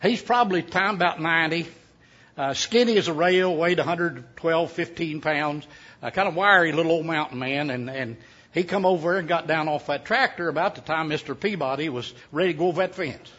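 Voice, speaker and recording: A man's voice: on the high side, brisk, a bit bright. A man, preaching a sermon as a folksy, joking storyteller. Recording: dull lo-fi sound.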